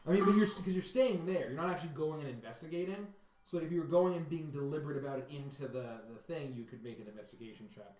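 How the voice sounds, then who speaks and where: Game master guy narrating, kinda high voice, umms a lot, echoey room. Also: expressive, darkish tone. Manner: halting, thinking aloud with fillers. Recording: roomy echo.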